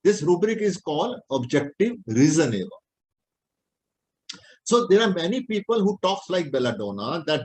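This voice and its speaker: A man's voice: a little high, very animated, normal speed, darkish tone, low-quality recording. A middle-aged man with an Indian accent, a homeopathic doctor teaching a class in plain, repetitive English. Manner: plain-spoken, repetitive explaining, non-native English phrasing. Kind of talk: lecture.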